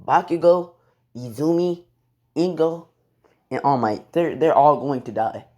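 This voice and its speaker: A man's voice: fairly high pitch, animated, measured pace, a little mellow. A young man casually retelling a fan story from his bedroom, rambling and swearing offhandedly. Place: bedroom at home.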